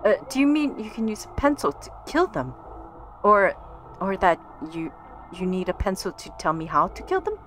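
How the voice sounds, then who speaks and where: A woman reading a timid, stammering young male office worker in a game, halting and apologetic. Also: medium pitch, very animated, a bit bright, slight background noise. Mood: nervous.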